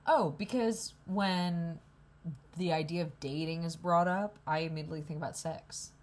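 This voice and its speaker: A hungover young woman vlogs from a coffee shop, rambling candidly in a profane, self-deprecating way. She speaks at a normal speed in a lowish voice.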